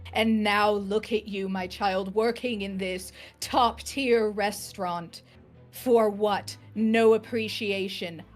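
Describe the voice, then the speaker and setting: Woman doing a ghost mom, hushed, slow, solemn, a bit of music in the back. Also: mid-range voice, lightly acted. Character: dead mother's spirit, stern turned tender.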